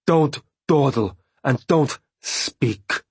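A man's voice: mid-range voice, extremely slow, slightly rough, no echo, exaggerated voice. A man voicing a harsh, commanding woman captor in an audiobook, snarling her orders. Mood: ordering. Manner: snarling, imperious.

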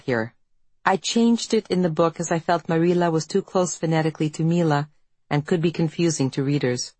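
A woman author reading her own book in a measured, reflective storytelling manner. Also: low voice, a little mellow, dry recording. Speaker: author and narrator. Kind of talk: audiobook narration.

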